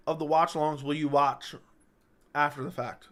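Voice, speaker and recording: A man's voice: on the high side, fairly even intonation, brisk, a bit bright. A man hosting a casual live-stream chat, answering viewers while stuck with hiccups, stopping and restarting his sentences. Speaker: MMA channel host.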